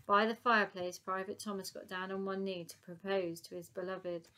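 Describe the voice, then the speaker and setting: Expressive woman narrating a children's story. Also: mid-range voice, moderate pace, hardly any pauses. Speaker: audiobook narrator.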